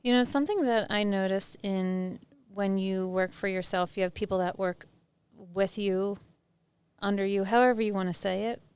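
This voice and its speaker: A woman with a very smooth, clear voice speaks as a guest on a casual podcast. She talks earnestly and explains her points, as a psychic medium and life coach. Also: medium pitch, fairly even intonation, moderate pace, darkish tone, dry recording.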